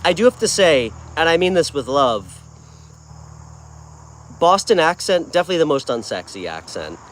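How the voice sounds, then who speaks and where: A man's voice: a little high, very animated, normal speed, fairly bright tone, slight background noise. Chatty man hosting a live stream. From New York. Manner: friendly, chatty, reads and answers chat comments. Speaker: live tarot stream host. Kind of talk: casual livestream chat with viewers.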